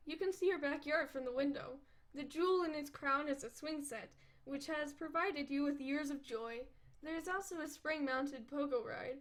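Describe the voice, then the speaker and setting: A woman reading a webcomic aloud on a stream, often breaking off to laugh and comment. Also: high-pitched. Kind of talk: casual read-aloud with asides. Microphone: desk microphone.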